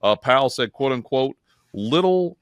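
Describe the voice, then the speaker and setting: A man's voice: medium pitch, quick pace, dry recording. A man co-hosting a casual finance podcast, joking around and telling stories with plenty of "like" and "um.". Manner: jokey, animated, lots of "like" and "um". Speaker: co-host, market strategist. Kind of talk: casual market podcast chat.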